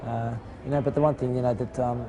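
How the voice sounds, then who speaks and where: A man giving an earnest, halting interview outdoors, full of fillers. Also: medium pitch, flat delivery, a crowd in the background, rough recording. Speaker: interviewed footballer. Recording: outdoor traffic noise.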